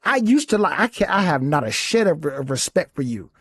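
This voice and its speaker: A man's voice: a little high, very animated, brisk, slightly rough, dry recording, studio quality. A man hosting a podcast, giving a heated, taunting, profane commentary monologue. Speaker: podcast host.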